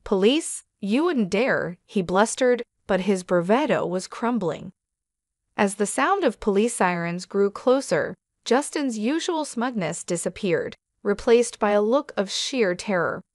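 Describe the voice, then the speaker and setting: A woman reading a scripted first-person story in a steady, even manner. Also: medium pitch, unhurried, no room sound, studio quality. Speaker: narrator.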